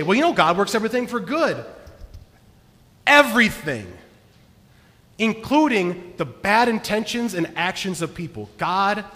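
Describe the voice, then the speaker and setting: Man, pastor, sermon, high voice, earnest, hushed to emphatic, long hall reverb.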